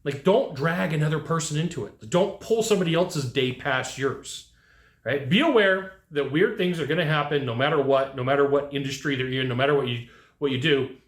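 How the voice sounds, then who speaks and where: A man giving casual advice to HVAC technicians, telling lively work stories and acting out what people said. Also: on the high side, fairly quick, reverberant. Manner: animated storyteller who acts out quotes. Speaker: HVAC sales trainer.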